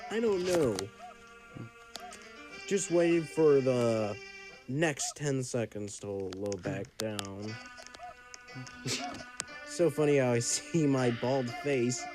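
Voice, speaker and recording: A young man streaming a game, chatting and reacting with sudden loud yelps. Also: medium pitch, expressive, slow, long pauses, poor audio. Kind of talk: casual gameplay commentary. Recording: game music playing behind.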